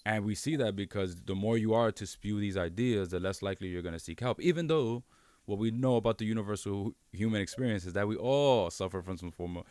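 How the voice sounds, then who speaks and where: Measured podcast co-host, low voice, dry close-mic sound. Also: male voice, a little mellow, clear, resonant tone, no room sound. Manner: measured, cites research, asks reflective questions. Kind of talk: candid podcast conversation.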